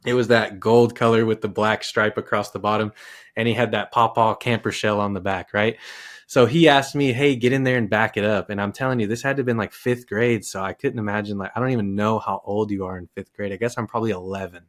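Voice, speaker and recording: A man in his thirties from Texas, a podcast guest telling a childhood story in a lively, casual way with many restarts. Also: lowish voice, a little fast.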